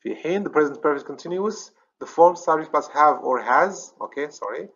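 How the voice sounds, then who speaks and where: A man's voice: on the high side, expressive, brisk, vocal fry, fairly bright tone, husky. Moroccan man teaching grammar, lo-fi. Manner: explains step by step, checks understanding with "okay?", corrects himself. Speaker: English teacher. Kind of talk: recorded grammar lesson.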